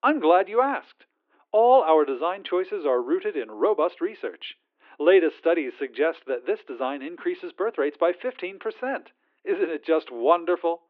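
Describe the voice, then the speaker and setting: A man's voice: a little high, very animated, unhurried. A man voicing a relentlessly cheerful corporate phone agent through a phone filter, with a sugary customer-service politeness. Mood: sweetly insistent. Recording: tinny phone line.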